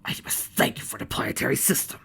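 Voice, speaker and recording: A man reading aloud and voicing a smug, imperious female sun titan pony in a deep, melodic, gloating voice. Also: bright, forceful tone, natural voice. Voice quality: deeper and more melodic. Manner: gloating, slow and menacing.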